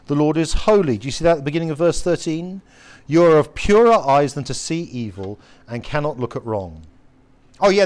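A man preaching a sermon in an earnest, emphatic way, asking his listeners rhetorical questions and slowing down to read scripture. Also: a little high, a little mellow. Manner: slows down to read scripture quotes.

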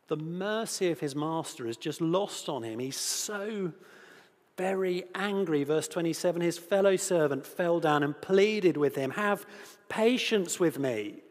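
In a church with the long reverb of a large hall, a man with a higher-than-usual voice preaches at a measured pace. He reads scripture earnestly, poses rhetorical questions, and becomes animated at times.

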